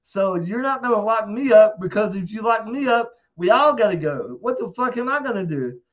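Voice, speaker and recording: A man telling a rowdy story in casual talk, animated and profane, acting out quotes loudly. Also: high voice, normal speed, muffled recording. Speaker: interview guest.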